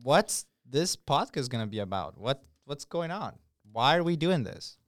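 A man's voice: medium pitch, very animated, normal speed, no echo, clean studio sound. A young man co-hosting a podcast in casual chat, hesitant and full of fillers. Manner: hesitant, lots of fillers and laughs. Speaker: podcast co-host.

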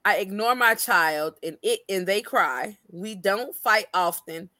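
A woman's voice: medium pitch, a little slow, sharp tone, no echo. Laughing, slangy woman co-host. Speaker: podcast co-host. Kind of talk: casual chat.

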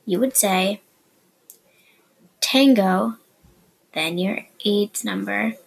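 A woman hosting a podcast and teaching beginner Spanish in a chatty, explanatory way, with soft asides. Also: mid-range voice, very slow, creaky, breathy edge, low-quality recording. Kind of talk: casual beginner language lesson.

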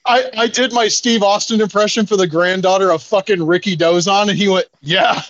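A man's voice: high voice, steady tone, a little fast, fairly bright tone, no echo, dull audio. A young man hosting a podcast, casually rambling and cussing as he chats. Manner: rambling, laughing, profane storytelling. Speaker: podcast host. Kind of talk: casual chat.

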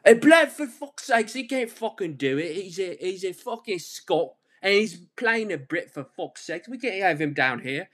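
A man's voice: sits high, big pitch swings, moderate pace, few pauses, fairly bright tone, voice pushed up, heavily acted. A man voicing an outraged British man who rants crudely and indignantly. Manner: profane, indignant ranting.

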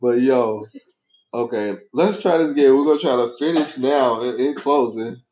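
A man's voice: mid-range voice, moderate pace, a little mellow. A man hosting a podcast with his son, chatting casually in a loose, rambling way and laughing easily. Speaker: podcast host and father. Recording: echoey, dull lo-fi room sound.

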